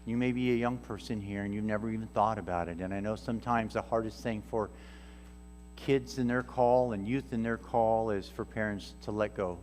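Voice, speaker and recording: A man's voice: lowish voice, fairly even intonation, normal speed, slight background noise. A man preaching a storytelling sermon as a guest missionary speaker, acting out the people in his stories. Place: church sanctuary. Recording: reverberant church hall with soft music.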